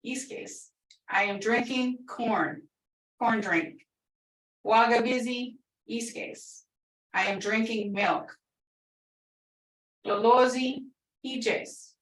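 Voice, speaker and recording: A woman teaching a language class over a video call. She explains patiently step by step and says each new word slowly. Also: on the high side, sharp tone. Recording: echoey room, distant video-call mic.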